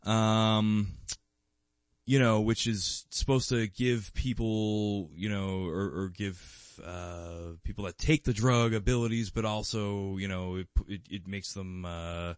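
A man's voice: lowish voice, no room sound. A man co-hosting a podcast in casual fan chat, rambling with lots of fillers and restarts, with bursts of enthusiasm. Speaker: podcast co-host.

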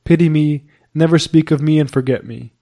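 A man's voice: a little high, fairly even intonation, brisk, warm tone, natural voice. A man voicing a melancholy young foreign page who pleads in a sorrowful, half-choked way.

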